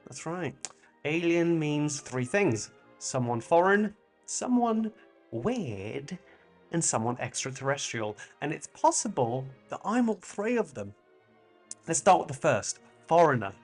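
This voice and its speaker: A French-born man with a British accent hosting a comic monologue, animated and jokey with sudden pitch jumps. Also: unhurried, soft background music. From France. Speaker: comedian host.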